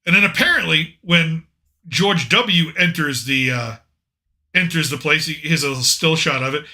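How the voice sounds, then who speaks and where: A man's voice: fairly high pitch, normal speed, sharp tone. A man hosting a podcast, chatting casually and jokingly about politics with rambling, opinionated asides. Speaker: podcast host.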